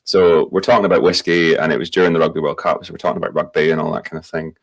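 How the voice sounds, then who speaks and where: A man's voice: rumbling low, flat delivery, rapid-fire, creaky. A young Scottish man telling long rambling anecdotes in a casual podcast chat. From Scotland. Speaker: tour company owner.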